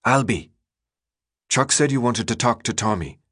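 A man voicing a grim, quiet teenage boy. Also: medium pitch, expressive, a little fast, slightly rough. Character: grim, solemn teenage boy, calm leader.

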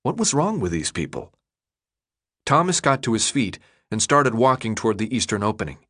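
A man narrating an audiobook in an expressive, dramatic storytelling manner. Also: lowish voice, moderate pace. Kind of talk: scripted narration.

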